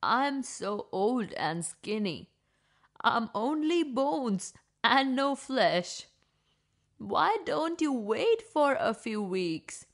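Woman playing a soft-spoken clever old woman. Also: on the high side.

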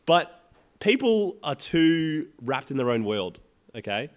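A man's voice: on the high side, very animated, slow. A young man co-hosting a podcast, telling rant-filled stories in casual chat and swearing freely. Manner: swears a lot, ranting storyteller. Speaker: podcast co-host.

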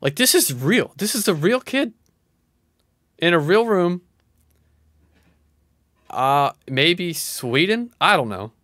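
A man in his thirties streaming casual reaction commentary. He is excitable and jumps between shouting and muttering. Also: high voice, slow pace, pauses often, no echo, studio quality. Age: 30s. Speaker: live streamer.

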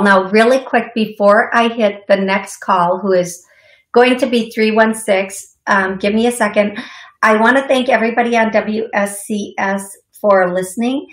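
A woman's voice: medium pitch, echoey room. A woman psychic medium hosting a call-in radio show, chatty and reassuring, with giggly asides.

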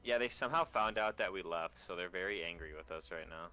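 A man chats casually while streaming a video game with a friend. He talks quickly in a somewhat low voice, teasing his partner and swearing freely. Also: sharp tone, faint music behind. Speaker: streamer playing a game with a guest. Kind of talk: casual gaming chat.

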